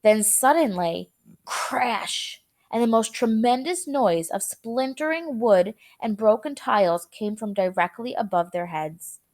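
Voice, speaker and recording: A woman's voice: a little high, animated, measured pace. A young woman teacher reading a chapter aloud to her students and explaining words in a casual, chatty way.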